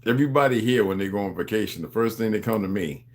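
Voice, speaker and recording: A man's voice: fairly low pitch, expressive, fast, hardly any pauses. A man hosting a livestream, talking in a loose, rambling monologue. He preaches to his viewers in street slang and calls them beloved. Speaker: livestream host.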